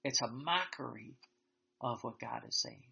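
Guy giving a slow halting religious talk, husky and kinda bright, dull lo-fi audio. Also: medium pitch, huge pitch swings. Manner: slow, halting, with many restarts. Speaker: religious teacher. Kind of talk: spiritual reflection talk. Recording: dull lo-fi sound.

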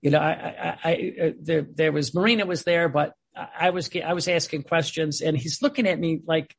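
A man reading aloud and commenting on a spiritual text, telling stories in a digressive, animated way. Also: a little high, fairly quick, vocal fry, husky. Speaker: religious teacher.

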